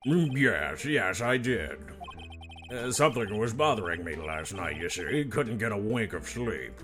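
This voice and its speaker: A man voicing a kindly, fretful old lawyer in a fan dub of a game, talking slowly and hesitantly. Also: lowish voice, expressive, music in the background. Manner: slow, hesitant, fatherly. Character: elderly male law firm boss, fretful and kindly.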